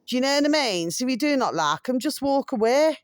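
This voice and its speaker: A woman's voice: high-pitched, big pitch swings, a little fast, no room sound, clean studio sound. A middle-aged woman from South Africa hosting a casual opinion monologue, chatty and repetitive, fond of endearments for her viewers. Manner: chatty, repeats "my delicious little babies". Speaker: channel host.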